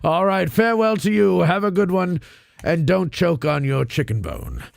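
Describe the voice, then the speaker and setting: A man's voice: high voice, very animated, normal speed, vocal fry, dry recording, clean studio sound, pitched above the performer's own voice, heavily acted. A man voicing a rambling, out-of-breath old Santa Claus on a comedy radio show. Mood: jolly. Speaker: host.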